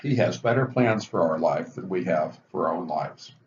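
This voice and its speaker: A man explaining the twelve recovery steps in a measured, explanatory lecture, stressing each step heading. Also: deep voice, animated. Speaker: physician teaching addiction recovery. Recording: dull lo-fi recording with faint hiss.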